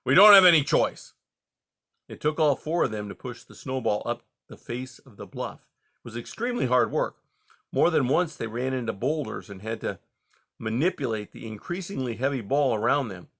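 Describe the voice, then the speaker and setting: A man narrating a children's novel in a steady, measured reading style. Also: medium pitch. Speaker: audiobook reader. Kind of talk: storybook narration.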